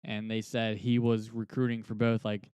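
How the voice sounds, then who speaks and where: Young male co-host, smooth resonant mid voice, measured delivery, dry mic. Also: on the low side, monotone, a little mellow, dry recording. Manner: measured, hedging, filler-heavy. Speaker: podcast co-host. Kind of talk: casual sports chat.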